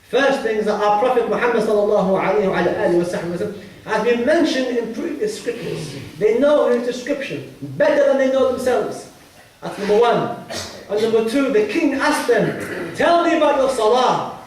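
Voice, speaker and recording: A man teaching a religious story in a lecture, acting out the dialogue with rising and falling pitch, often coughing and clearing his throat. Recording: very echoey room from far off.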